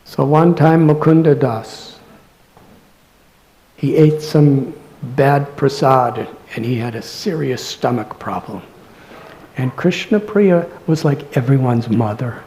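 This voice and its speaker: Soft-spoken male monk giving a devotional lecture. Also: mid-range voice, slow pace, poor audio. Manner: soft-spoken, drops to near-whispers. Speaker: monk lecturing a scripture class. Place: temple class.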